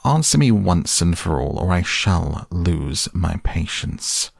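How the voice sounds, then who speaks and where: A man's voice: sits low, big pitch swings, slow pace, creaky, dry recording, studio quality, full character voice. A man voicing a proud, cold and stern tall queen who speaks imperiously. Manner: imperious, haughty.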